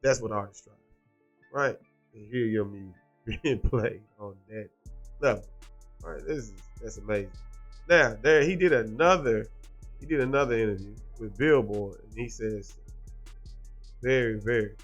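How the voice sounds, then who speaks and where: A man's voice: medium pitch, moderate pace, pauses often, dull audio, soft background music. A man hosting a reaction commentary show, explaining clips and asking the viewer rhetorical questions.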